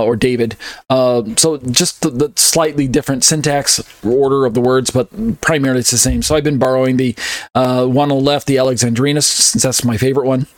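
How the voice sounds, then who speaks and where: Man teaching a slow Bible study. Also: mid-range voice, dry recording. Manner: deliberate, spells out and slowly sounds out Greek and Hebrew words; thinks aloud, with frequent self-corrections and fillers. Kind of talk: online Bible study lecture over on-screen slides.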